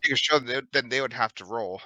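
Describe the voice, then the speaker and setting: A man's voice: medium pitch, a little fast, pushed and bright. A man running a tabletop game as game master, casual and teasing, swearing offhand. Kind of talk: narrating a tabletop game over voice chat.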